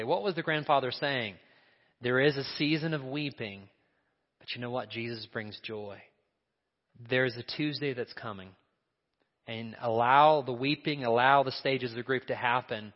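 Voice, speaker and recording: A male pastor preaching a sermon in a church, earnest, repeating key phrases and dropping to a soft hush. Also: medium pitch, unhurried. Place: church sanctuary. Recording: dull sound in a long-echo hall.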